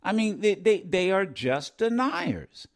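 A man's voice: high voice, very animated, takes it slowly. A man hosting a live radio talk show, rambling with many fillers and restarts, blunt and opinionated.

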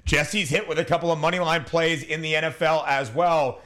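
A man hosting a sports betting radio show, brisk and teasing. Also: on the high side, fairly even intonation, fairly bright tone.

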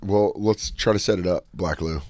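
Brief: low-pitched man, deadpan co-host, close dry studio mic. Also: moderate pace, no echo. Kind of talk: deadpan comedic banter. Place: radio studio.

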